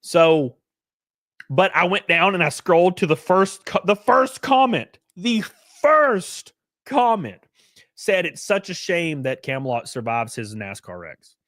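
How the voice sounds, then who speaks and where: Animated, swearing streamer man. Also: high voice, unhurried, no room sound, studio quality. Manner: animated, profane, laughs often. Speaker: livestream host. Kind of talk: casual livestream commentary, thanking donors.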